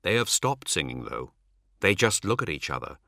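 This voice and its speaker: A man reading a novel aloud as narrator, measured and dramatic. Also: sits low, very animated, gravelly, pushed and bright. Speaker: audiobook narrator. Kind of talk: scripted narration.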